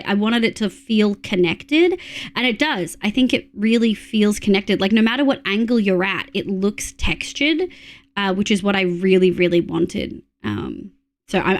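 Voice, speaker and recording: A young Australian woman chatting casually while live-streaming a game, excitable and swearing freely. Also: mid-range voice.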